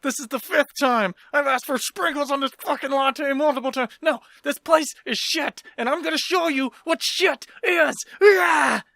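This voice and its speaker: A screeching, foul-mouthed woman customer throws a tantrum over her coffee order, as a man puts her on. The voice sits high and tight, with a dry, close sound and no room around it. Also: moderate pace, gravelly, hardly any pauses, bright, forceful tone, no room sound, heavily acted. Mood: furious. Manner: shrill, profane, escalating tantrum. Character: enraged woman customer demanding latte sprinkles.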